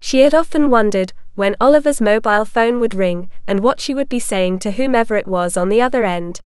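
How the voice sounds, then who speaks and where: A woman narrating a story in an even, measured reading. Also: on the high side, smooth, dry recording, studio quality.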